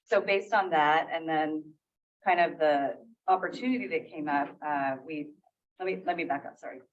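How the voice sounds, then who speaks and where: A woman's voice: sits low, moderate pace. A woman on library staff giving an informal update at a public meeting, correcting herself as she goes. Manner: casual, self-correcting, laughs off slips. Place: meeting room. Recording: distant, dull lo-fi meeting audio.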